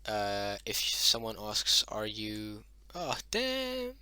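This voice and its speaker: A young man casually explaining a language as a hobby lesson, halting often with fillers and correcting himself as he goes. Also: lowish voice, huge pitch swings, pushed and bright, clear, resonant tone, no room sound. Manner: halting, many fillers and self-corrections, mutters "oh, damn".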